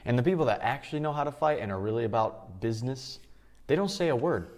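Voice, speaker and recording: A man's voice: mid-range voice, expressive, fast talker, darkish tone. A man narrating a commentary video in a matter-of-fact, mocking way. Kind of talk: scripted commentary.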